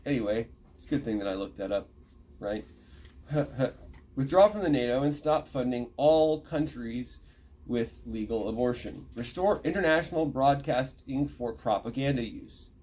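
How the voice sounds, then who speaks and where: A man's voice: mid-range voice, expressive, normal speed, a little mellow. A man reading a list aloud from an online thread, breaking off to comment, look terms up and correct himself. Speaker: channel host reading a thread.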